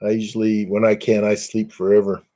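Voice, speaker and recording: A man's voice: fairly low pitch, completely flat delivery, brisk, warm tone. An older man chatting casually on a webcam live stream at home, rambling and self-deprecating, chuckling often.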